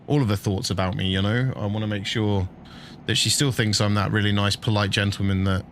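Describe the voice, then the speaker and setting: A man's voice: on the low side, level tone, fairly quick, fairly bright tone, slight background noise. Chatty man streaming a truck game. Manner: chatty, jokey, laughs often, banters with chat. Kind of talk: casual live-stream chat.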